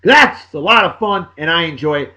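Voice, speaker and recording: A Massachusetts man hosting a video blog speaks fairly quickly in a voice on the high side. He tosses off casual birthday shout-outs in an animated, jokey way, shifting between loud bursts and mumbled asides.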